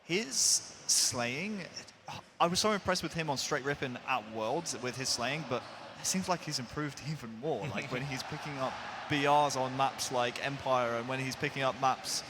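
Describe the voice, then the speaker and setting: A man's voice: mid-range voice, moderate pace, noisy background. A man working as an esports analyst, giving talkative, thorough breakdowns of the match at an analysis desk.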